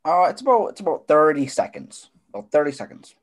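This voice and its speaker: A man playing a clueless free diver with an odd accent, talking in a halting, hesitant way. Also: on the high side, very animated. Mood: bumbling. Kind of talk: improvised comedy character.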